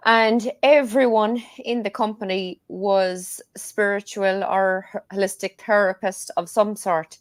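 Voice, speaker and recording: A woman's voice: medium pitch, fairly even intonation, measured pace, few pauses, dry recording. A woman with a Cork Irish accent, chatting as a guest and telling stories with plenty of laughs. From Ireland. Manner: chatty storyteller, laughs often. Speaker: guest tarot reader. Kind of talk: casual chat.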